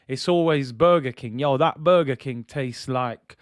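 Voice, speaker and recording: A man's voice: medium pitch, unhurried, dry recording, studio quality. A man hosting a live football watch-along, chatting casually in slang and reading out viewer messages.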